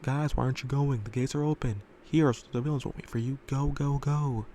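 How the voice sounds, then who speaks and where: A man voicing a loud male announcer hurrying contestants along, in a shouty, rushed way. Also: medium pitch, fairly even intonation, slight background noise, pitched above the performer's own voice, natural voice. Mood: urging.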